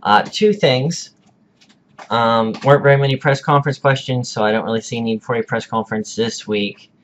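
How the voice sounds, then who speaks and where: A man hosting a casual vlog, delivering a mock-serious rant with deadpan, exaggerated indignation and drawn-out pronunciations. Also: mid-range voice, a little hiss or hum. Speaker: video host.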